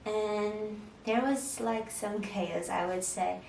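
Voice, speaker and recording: A woman's voice: mid-range voice, steady tone, slow, vocal fry, a little mellow, echoey room, distant mic, a little hiss or hum, poor audio. A young woman chatting candidly to camera, answering viewer questions about motherhood and marriage. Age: young adult. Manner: candid, chatty, with frequent "like" fillers. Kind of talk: casual Q&A chat.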